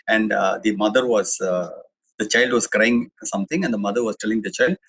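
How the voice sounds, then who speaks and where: A man's voice: lowish voice, fairly quick, vocal fry, fairly bright tone, breathy edge, rough recording. A middle-aged man with an Indian English accent giving a chatty, digressive webinar talk, full of restarts and fillers. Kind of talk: anecdotal public talk.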